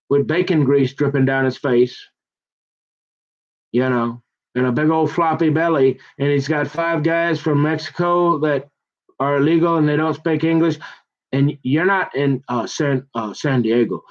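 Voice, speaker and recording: A man talks in a loose, rambling way, stacking slang and restarting sentences as he goes. His voice sits a little high for a man. The recording is dull and lo-fi. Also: a little slow. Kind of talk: rambling casual monologue. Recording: dull lo-fi sound.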